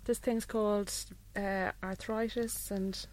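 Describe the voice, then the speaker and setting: A woman chatting on a podcast, hesitant and filling pauses with ums and uhs. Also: medium pitch, flat delivery, crowd noise. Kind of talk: casual chat.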